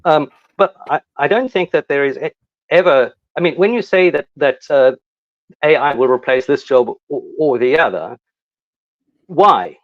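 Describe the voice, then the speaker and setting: Male debater, mid pitch, rhetorical and pointed, dull dry call audio. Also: expressive, moderate pace, no echo. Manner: argumentative, rhetorical questions. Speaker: call-in participant. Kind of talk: casual debate on a live call.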